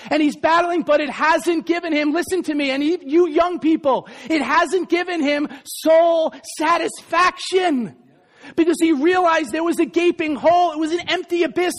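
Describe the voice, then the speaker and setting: A man with a strikingly high voice delivers a passionate sermon. He reads aloud from an old text and rises into shouts to drive his points home. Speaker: pastor.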